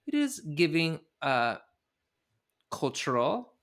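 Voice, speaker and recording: A man hosting a podcast, telling the story in an animated, sarcastic way in casual comedic chat. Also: a little high, unhurried. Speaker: podcast host.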